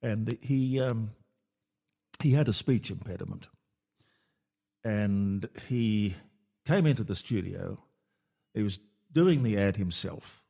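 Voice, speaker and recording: A man's voice: on the low side, expressive, slow, vocal fry, pauses often, dark tone, slightly rough. A man hosting a radio talk show, telling stories in casual chat and quoting people animatedly.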